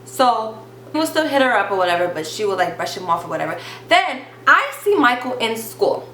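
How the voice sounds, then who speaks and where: Woman, young adult, chatty storytime vlogger, blunt, crisp bright tone, faint hum in a roomy space. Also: a little high, fairly quick. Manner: chatty, animated retelling full of "like" and acted quotes; blunt, swears casually. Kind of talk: storytime vlog.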